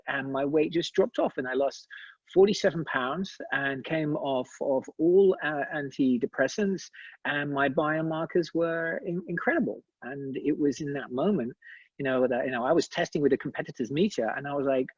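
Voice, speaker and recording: A man's voice: a little high, moderate pace, husky, no echo, dull audio. A man in his forties, a company co-founder, speaking as a guest in an interview, hesitant with many fillers and restarts. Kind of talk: conversational interview.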